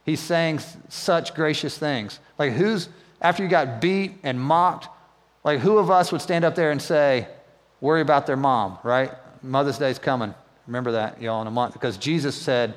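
Man, pastor, mid-pitched, chatty sermon, long church-hall reverb. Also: moderate pace. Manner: conversational, asks the congregation questions.

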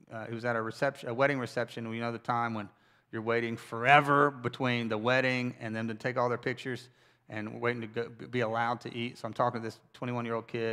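A male pastor delivers a sermon from the pulpit, talking like he is chatting with friends. He drifts into personal stories and drops wry asides along the way. His voice sits at an everyday middle pitch. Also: a bit bright. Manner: conversational storytelling with wry asides. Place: church service.

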